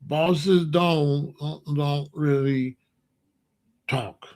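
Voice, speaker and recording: Man, slightly high voice, emphatic repetitive storytelling monologue. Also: fairly even intonation, drawn-out words, darkish tone. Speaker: podcast host.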